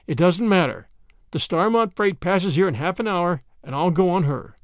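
A man voicing a polite, mysterious stranger who speaks calmly and reassuringly. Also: high voice, moderate pace, no echo, studio quality, close to an everyday voice. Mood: courteous. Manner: courteous, calm, reassuring.

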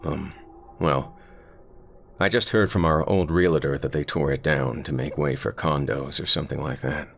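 A man voicing an estranged middle-aged father who speaks in a hesitant, halting way. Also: a bass voice, steady tone, vocal fry, a bit bright, exaggerated voice. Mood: upbeat.

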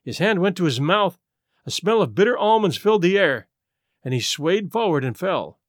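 A man reading a story aloud in measured first-person narration. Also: high voice, very animated, no room sound, clean studio sound. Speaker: audiobook narrator.

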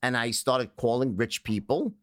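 A man as an interview guest, telling stories and acting out phone sales pitches in character. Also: normal speed, fairly bright tone, dry recording, clean studio sound. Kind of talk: storytelling in a conversational interview.

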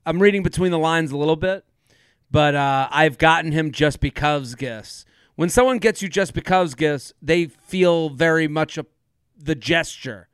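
Smooth-voiced man co-hosting a podcast. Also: on the high side, fairly bright tone, no echo, clean studio sound. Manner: joking, rambling, laughs easily. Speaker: podcast co-host. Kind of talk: casual chat.

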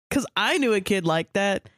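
A woman's voice: medium pitch, no echo, studio quality. Sick, sweary woman podcaster. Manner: sweary, animated, mimics other people. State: sick, congested. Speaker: podcast co-host. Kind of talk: casual chat.

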